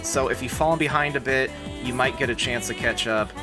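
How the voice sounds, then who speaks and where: A live streamer chatting casually, excitable and prone to giggling while commenting. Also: mid-range voice, fairly quick. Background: music playing.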